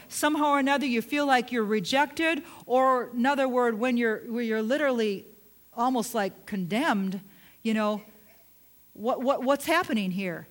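A middle-aged woman preaching with a fairly high voice. She drives her points home by repeating phrases and putting questions straight to the congregation. Her delivery is emphatic and earnest. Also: fairly bright tone. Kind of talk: sermon.

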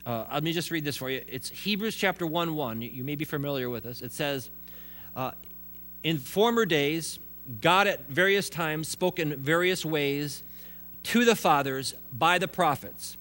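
Bright-voiced man preaching conversationally. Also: fairly high pitch, moderate pace. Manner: conversational preaching with asides and restarts. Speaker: pastor. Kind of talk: sermon.

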